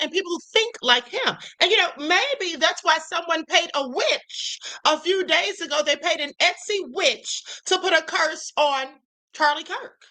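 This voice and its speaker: Woman host rambling to her stream, sassy and chatty, bright sharp voice, lots of honey and y'all. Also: extremely high pitch, animated, moderate pace, poor audio. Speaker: livestream show host. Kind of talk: casual commentary livestream.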